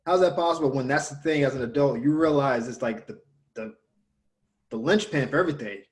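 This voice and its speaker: A man in casual conversation, telling a story and lively when he quotes others. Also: mid-range voice, fairly quick.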